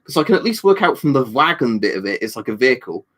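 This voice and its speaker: A man's voice: medium pitch, big pitch swings, fast talker, a bit bright. A man hosting a casual livestream, reading viewer comments and rambling with swearing and jokey asides. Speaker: livestream host.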